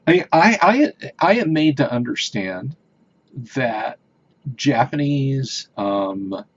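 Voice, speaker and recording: A man's voice: mid-range voice, sing-song, slow, breathy edge. A man hosting a casual livestream, chatting with viewers in a rambling, hesitant way with many fillers and restarts. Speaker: livestream host. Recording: dull lo-fi stream audio.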